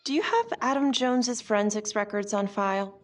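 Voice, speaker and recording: An actress voicing a composed district attorney in a game, who questions police in a measured, firm way. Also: female voice, mid-range voice, far from the mic, soft background music, close to an everyday voice.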